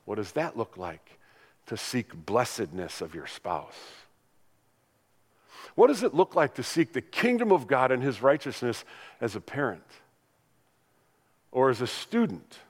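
An older man, a pastor, delivering a sermon that swings between loud emphatic lines and hushed ones. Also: medium pitch, big pitch swings, measured pace, pauses often, slightly rough, long reverb tail.

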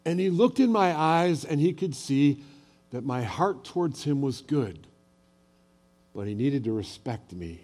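A man's voice: medium pitch, very animated, a little slow, darkish tone. An older man preaching a sermon as a pastor, telling personal stories in a conversational way and asking the audience questions.

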